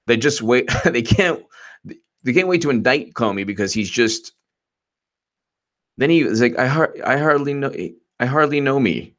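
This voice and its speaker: A man's voice: mid-range voice, fairly bright tone. A man hosting a live-streamed political commentary show, rambling and mocking as he laughs often.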